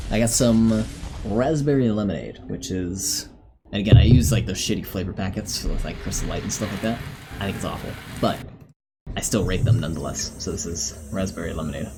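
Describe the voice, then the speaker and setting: A man's voice: low-pitched, fairly quick, background noise. A man chatting casually on a live stream, answering viewers in a rambling, easygoing way with plenty of fillers.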